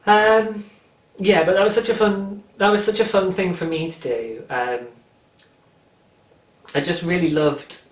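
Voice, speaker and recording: A man's voice: high voice, fairly even intonation, unhurried, pauses often. A British man hosting a craft podcast in casual, enthusiastic chat, with frequent ums. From Britain. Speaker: podcast host. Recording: roomy echo.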